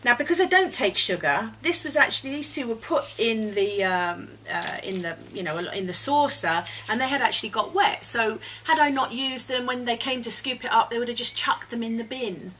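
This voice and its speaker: A woman's voice: fairly high pitch, lively intonation, moderate pace, hardly any pauses, sharp tone, slight background noise, low-quality recording. A woman guest chatting earnestly as an eco campaigner, laughing often, recorded at a home dining table. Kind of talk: casual chat. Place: home dining room, indoors.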